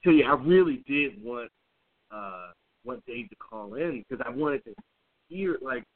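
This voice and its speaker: A man co-hosting a podcast, telling a story in casual chat with blunt, profane, animated delivery. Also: mid-range voice, unhurried. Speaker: podcast co-host. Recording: tinny phone-like audio.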